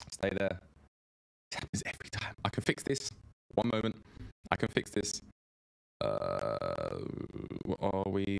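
A man with a low-pitched voice streaming a game live. He rambles along in a loose, chatty way and warmly calls out viewers by name as he plays. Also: clean tone. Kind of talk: live gameplay commentary.

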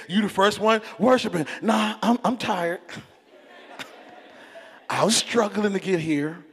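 A male pastor preaching a sermon, telling a funny personal story and then rising into loud, fervent preaching. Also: sits high, creaky, breathy edge. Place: church auditorium. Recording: reverberant church hall.

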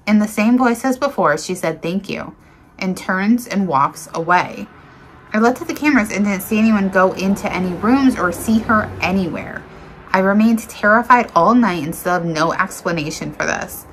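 A woman's voice: mid-range voice, a bit bright. A woman reading viewers' paranormal encounter stories aloud in an earnest, dramatic way, with small slips and restarts.

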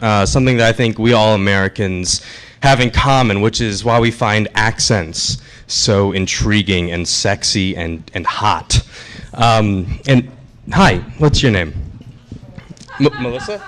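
A man's voice: fairly low pitch, a bit bright, a little hiss or hum. Young man doing self-deprecating stand-up. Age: young adult. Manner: self-deprecating, chatty crowd work. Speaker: stand-up comedian. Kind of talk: stand-up comedy set. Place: comedy club stage.

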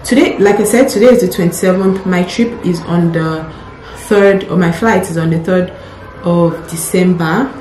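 A woman's voice: lowish voice, moderate pace, a little mellow, echoey room, a little hiss or hum. Chatty nervous young woman vlogging. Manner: chatty and nervous, repeats herself. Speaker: doctor vlogging exam prep. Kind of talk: casual vlog talk to camera.

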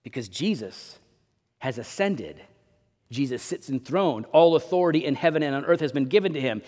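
A man preaching a sermon as pastor, with dynamic delivery that swings between loud emphasis and quiet low drops. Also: big pitch swings, normal speed, long reverb tail. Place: church sanctuary.

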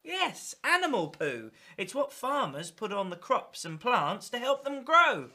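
A man hosting a children's show, reading a picture book aloud in a slow, playful sing-song with sound effects. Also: very high voice, sing-song, sharp tone. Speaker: children's storyteller host.

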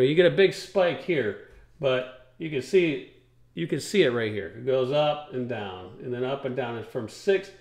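A man's voice: a little high, roomy sound. A man hosting a trucking talk show, rambling in a folksy way and walking listeners through charts step by step. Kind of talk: casual radio talk show chat.

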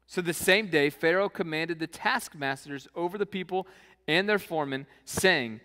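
A man's voice: on the high side, normal speed, sharp tone, big-room sound. A male preacher giving a casual, conversational sermon, mixing scripture reading with modern slang.

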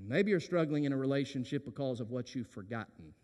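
A man preaching a sermon as senior pastor, swinging from hushed tones to impassioned shouting. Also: mid-range voice, lively intonation, fast. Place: church sanctuary during worship service. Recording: reverberant church sanctuary.

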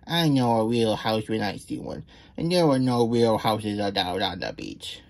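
A man's voice: fairly low pitch, moderate pace, natural voice. A man doing a bossy, scolding contest judge.

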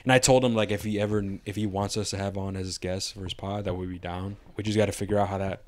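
ممثل شاب يقدّم بودكاست يتحدث بعفوية ويحكي القصص بأسلوب مسترسل، بلغة عامية مليئة بالشتائم. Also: male voice, deep voice, steady tone, fast talker, darkish tone. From Mexican-American. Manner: loose, rambling storytelling with heavy slang and swearing. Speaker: podcast co-host. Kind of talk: casual podcast chat.

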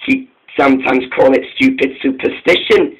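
A man's voice: mid-range voice, sing-song, normal speed, natural voice, low-quality recording. A man voicing a chatty male engine passing on station gossip in a storybook tale. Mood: gossipy.

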